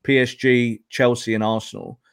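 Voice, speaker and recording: A man's voice: medium pitch, little pitch movement, moderate pace, fairly bright tone, smooth. An emphatic man holds forth as a guest pundit on a football podcast. He argues his case in a lecturing way and often circles back to hammer a point home. His voice sounds dry and close, with no room echo.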